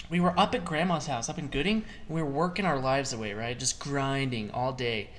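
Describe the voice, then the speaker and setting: A young man co-hosting a podcast in casual chat, with quick reactions and joking interjections. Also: mid-range voice, a bit bright. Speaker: podcast co-host.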